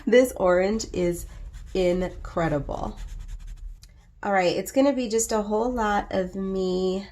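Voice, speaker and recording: A woman's voice: medium pitch, slow pace, a little mellow. A congested woman hosting a coloring video, chatting casually in a playful, rambling way with plenty of swearing. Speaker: coloring book artist and host. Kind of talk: casual chat while coloring.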